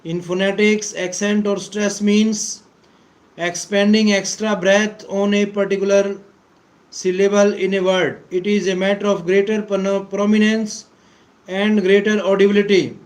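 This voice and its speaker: A man giving a deliberate English pronunciation lesson, repeating key words for emphasis and clearing his throat often. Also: high voice, flat delivery, rough recording. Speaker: English teacher. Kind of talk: slow explanatory lecture.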